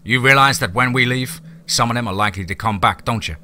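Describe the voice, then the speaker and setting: Brief: a man playing a young, firm army lieutenant in an audio story, pitched a bit higher and louder than the narrator, with a bright, tense edge. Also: quick pace, a little hiss or hum. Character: young male Union army lieutenant, wary.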